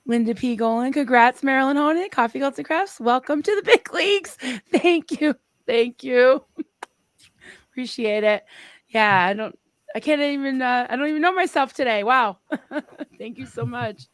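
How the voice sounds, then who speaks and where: A bubbly woman on a live stream, chatting over a video call and laughing between viewer comments she reads aloud. Her voice sits a bit higher than most women's, and the sound is dry and close with no room around it. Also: measured pace, no echo. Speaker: livestream co-host. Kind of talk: casual chat on a live stream.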